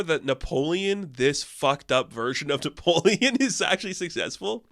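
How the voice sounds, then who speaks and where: A man's voice: sing-song, normal speed, bright, forceful tone, dry recording. Dude doing a chill sweary movie review, tons of "like", voice shoots up when he's baffled, dry no-room sound. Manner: loose and profane, heavy "like" fillers, jumps up in pitch when incredulous. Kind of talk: casual spoken movie review.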